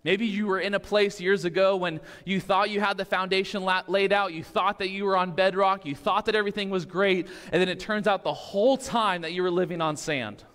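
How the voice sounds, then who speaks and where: A man's voice: high-pitched, fairly even intonation, a little fast, hardly any pauses, fairly bright tone, clear, resonant tone, in a large hall. A man preaching a sermon in a church sanctuary, casual and conversational, often checking in with the congregation. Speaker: pastor.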